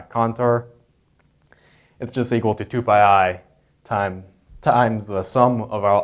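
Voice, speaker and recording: This man, a math tutor, has a lowish, slightly mellow voice. Working through a proof without a script, he hesitates, fills gaps with filler words, and frequently corrects himself.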